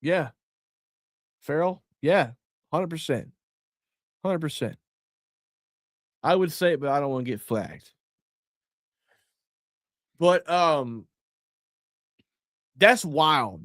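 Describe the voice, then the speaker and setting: Middle-aged guy ranting on his podcast, cussing a lot, kinda high voice, dry close sound. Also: very animated, slow pace, long pauses, a bit bright, no room sound. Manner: blunt, profane, heated ranting. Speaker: podcast host. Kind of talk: casual podcast commentary.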